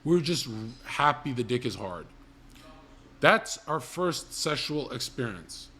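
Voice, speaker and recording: A man's voice: mid-range voice, sing-song, unhurried, bright, forceful tone, husky. A young man hosting a livestream, telling crude comedic stories in a blunt, rambling, profane way. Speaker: livestream host.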